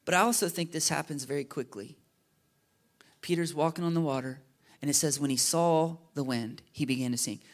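Casual conversational preacher, man. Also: fairly high pitch. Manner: casual, animated, often asking "right?" and "you know?". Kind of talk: conversational sermon.

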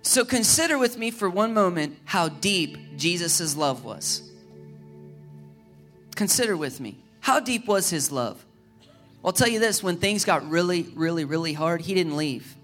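A man preaching a sermon as a pastor, lively and humorous, driving his points home with repeated rhetorical questions. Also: high voice, unhurried, faint music behind.

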